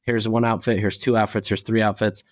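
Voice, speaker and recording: A man co-hosting a podcast in casual chat, telling relaxed stories and acting out quoted exchanges. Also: fairly low pitch, a little fast. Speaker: podcast co-host.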